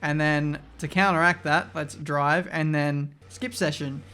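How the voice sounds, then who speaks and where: Excitable man commentating a race game. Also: a little high, measured pace. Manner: chatty, excitable, swears mildly. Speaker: gaming video creator. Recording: game music behind voice.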